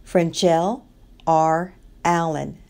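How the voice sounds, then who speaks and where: A school counselor, a woman, reading graduates' names slowly and deliberately at a ceremony. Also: low-pitched, fairly even intonation, gravelly, darkish tone. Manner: slow, deliberate name reading.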